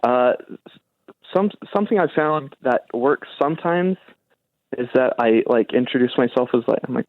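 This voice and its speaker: A man's voice: medium pitch, lively intonation, normal speed, no room sound. A young man calling in, telling his story hesitantly with many fillers. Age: young adult. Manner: hesitant, lots of ums and uhs. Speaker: caller. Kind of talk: casual call-in chat. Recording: phone-like call line.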